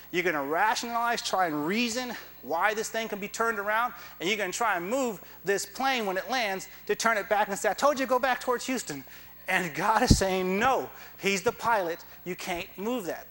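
A man's voice: high-pitched, a bit bright, long reverb tail, low-quality recording. A man preaching a sermon, telling a personal story with quoted dialogue and chuckling asides.

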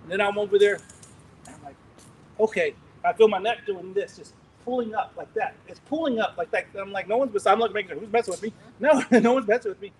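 A man preaching, telling a testimony in an animated, rambling way with laughs and restarts. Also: high voice, quick pace, a little hiss or hum, poor audio. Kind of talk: sermon testimony storytelling.

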